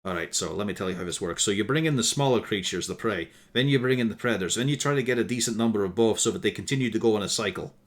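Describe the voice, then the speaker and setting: A man's voice: fairly low pitch, very fast, few pauses, close to an everyday voice. A man playing a sarcastic, swearing woodland keeper. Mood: explaining. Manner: blunt, sarcastic and swearing freely. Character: gruff, foul-mouthed male woodland caretaker.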